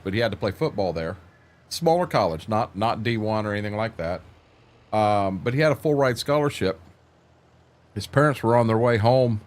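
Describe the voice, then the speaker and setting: An older man hosting a live stream, chatting casually in a plainspoken, rambling way and repeating words as he thinks. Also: on the low side. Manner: plainspoken, folksy.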